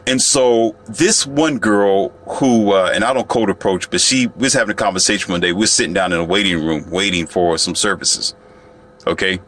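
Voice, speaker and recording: A man's voice: deep voice, moderate pace, a bit bright, slight background noise. A man telling a story to the camera in a casual, boastful monologue, often turning to the viewer. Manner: boastful, chatty, addresses viewer directly. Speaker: vlogger.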